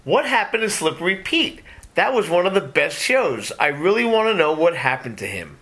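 A man's voice: fairly high pitch, sing-song, moderate pace, a bit bright. A man hosting a kids' podcast, playful and patient as he reads listener emails. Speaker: podcast host.

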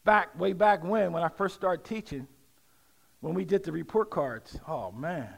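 A middle-aged man preaching a sermon, leading call-and-response and rising to shouts. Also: fairly high pitch, a little slow, gravelly, breathy edge. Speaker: pastor.

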